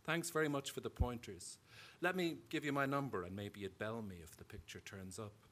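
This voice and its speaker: A man with an Irish accent voicing a wry, deadpan young woman in a live story reading. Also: mid-range voice, normal speed, lightly acted. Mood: breezy. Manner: deadpan teasing.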